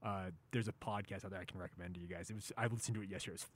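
A man hosting a sports radio show in a studio, joking and laughing with his co-host and quickly restarting his sentences. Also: low voice, fairly even intonation. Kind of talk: casual sports radio banter. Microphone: studio microphone.

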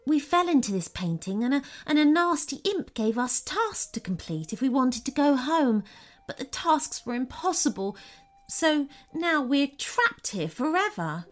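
A woman voicing a sad, trapped grown woman in a storybook, speaking softly and hesitantly. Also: high voice, sing-song, unhurried, pitched above the performer's own voice. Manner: soft, hesitant, sorrowful.

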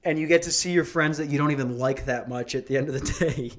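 A man's voice: on the high side, fast. Profane rambling young man from Minnesota. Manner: rambling, profane, laughs through his stories. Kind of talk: casual podcast chat.

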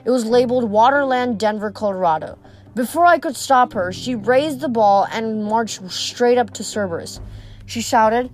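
A woman's voice: on the high side, normal speed, faint music behind. A woman reading a novel aloud, sometimes stumbling and restarting a word. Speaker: reader.

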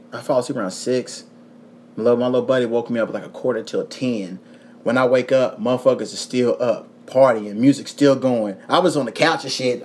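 A young man with a Kentucky accent tells a story on his podcast. He talks casually and curses a lot. His voice sits at an ordinary middle pitch, and he acts out the other people's lines as he goes. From Kentucky, USA. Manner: profane, animated storytelling with voiced quotes. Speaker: podcast host.

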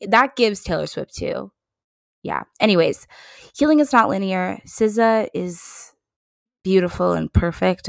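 A woman hosting a casual solo podcast, chatting in an animated, playful way with joking asides to herself. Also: on the low side, measured pace, gravelly, no echo, studio quality. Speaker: podcast host.

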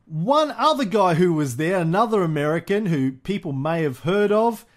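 A man's voice: high-pitched, lively intonation, normal speed. A man hosting a history podcast, telling the story in a chatty, casual way with frequent fillers and easy laughs. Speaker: podcast host.

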